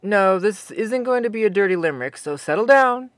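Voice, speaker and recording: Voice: mid-range voice, expressive, fairly quick, dry recording, studio quality. A storyteller narrating a tale casually, with wry, teasing asides to the listener.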